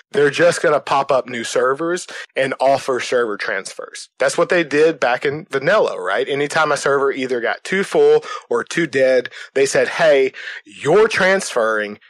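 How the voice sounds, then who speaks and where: A man in his thirties talks on a podcast call at a middle pitch. The sound is dry and close, and his talk is chatty and explanatory. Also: no echo. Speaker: caller. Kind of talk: casual chat on a call. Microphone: call recording.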